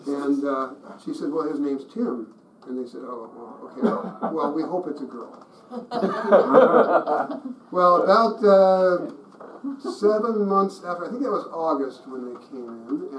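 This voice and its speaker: A middle-aged man with a somewhat raised voice teaches a group through chatty stories and often stops to restart a thought. The mic is some distance away, so the room's echo surrounds him. A faint hiss sits under the recording. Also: on the high side. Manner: conversational and anecdotal, with frequent restarts and chuckles. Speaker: pro-life ministry teacher. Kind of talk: storytelling teaching talk. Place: meeting room with a group.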